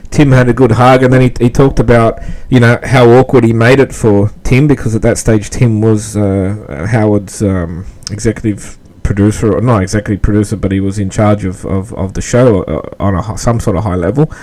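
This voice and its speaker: A man's voice: fairly low pitch, steady tone, darkish tone, poor audio. A man with an Australian accent hosting a podcast, chatting casually and rambling with lots of fillers. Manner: rambling, halting with many fillers. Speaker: podcast host. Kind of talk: casual commentary.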